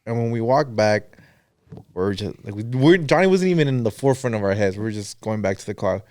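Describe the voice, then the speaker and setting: A man's voice: fairly low pitch, fairly quick, dry recording. A man co-hosting a podcast, telling a story casually with lots of swearing and acted-out quotes. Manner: profane, animated storytelling with quoted dialogue. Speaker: podcast co-host.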